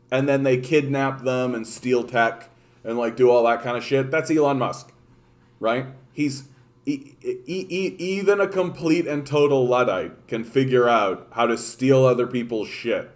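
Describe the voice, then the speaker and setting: A man's voice: mid-range voice, measured pace. A man from Canada hosting a casual political livestream, ranting sarcastically and profanely, with many stumbles and restarts.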